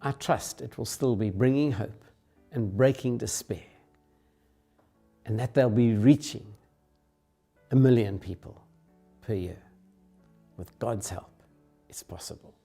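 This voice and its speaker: A man's voice: mid-range voice, slow pace, vocal fry, long pauses, mellow, slightly rough, faint music behind. A man narrating earnestly about a ministry and telling a story. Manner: earnest, storytelling with acted quotes.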